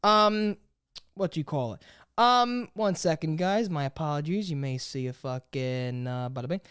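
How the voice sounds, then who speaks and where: A man hosting a podcast in casual chat, rambling and swearing often, with an animated delivery. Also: fairly high pitch, normal speed, clean tone. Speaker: podcast host.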